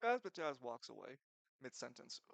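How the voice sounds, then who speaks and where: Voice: medium pitch, sing-song, normal speed, vocal fry, no echo. A game master narrating a tabletop role-playing game in a blunt, casual way, swearing freely.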